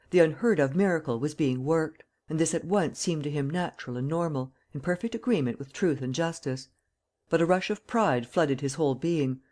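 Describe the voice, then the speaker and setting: A man narrating a classic novel as an audiobook in a steady, measured reading style. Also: on the high side. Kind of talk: scripted narration.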